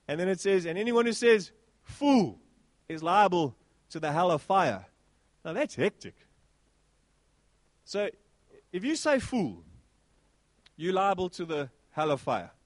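A man preaching a sermon in church, animated and exclaiming, with sweeping swings in pitch. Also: unhurried, pauses often, dry recording. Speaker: pastor.

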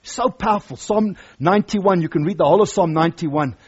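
A man's voice: sits high, fairly quick, a little mellow, slightly rough, muffled recording. A man preaching a sermon, emphatic and repeating his key phrases for weight.

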